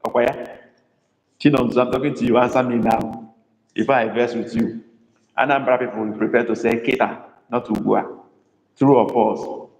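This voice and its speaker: A man's voice: medium pitch, echoey room, long reverb tail, poor audio. A man with a Nigerian accent teaching a live online language lesson, chatty and teasing as he calls on students by name. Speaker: Igbo language tutor.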